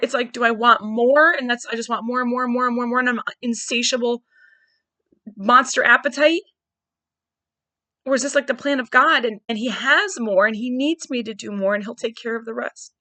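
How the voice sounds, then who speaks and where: Woman thinking out loud on her podcast, kinda wry and searching, bright voice, dead dry mic. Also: a little high, no echo. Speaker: podcast host. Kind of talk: personal reflective monologue.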